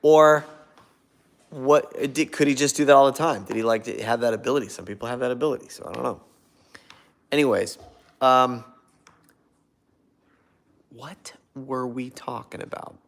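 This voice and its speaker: A man's voice: mid-range voice, fairly quick, gravelly, long pauses. Man, livestream host, casual chat, rambling, loses his thread, reads and thanks viewer comments.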